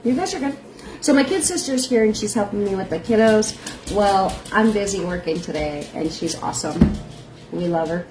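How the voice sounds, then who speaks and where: A woman's voice: mid-range voice, moderate pace, over music. A woman hosting a casual live stream from home, chatting to viewers and laughing often. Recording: echoey room with steady background noise.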